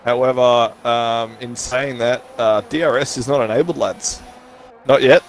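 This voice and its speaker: Aussie bloke doing sim racing commentary, excitable, jokey, voice jumps way up. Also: male voice, moderate pace, slight background noise. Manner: excitable, jokey banter with sudden high yelps.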